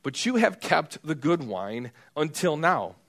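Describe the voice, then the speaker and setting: A man's voice: a little high, very animated, unhurried, a bit bright. A man preaching a sermon in a conversational way, acting out the people in the story. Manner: conversational, acts out quoted characters.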